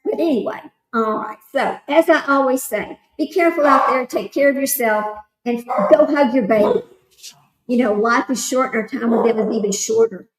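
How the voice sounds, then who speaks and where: A woman's voice: a little high, normal speed, reverberant, slight background noise, low-quality recording. A woman hosting a casual livestream, reading aloud and chatting loosely with her viewers. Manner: reads aloud, then chats loosely with viewers. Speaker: livestream host.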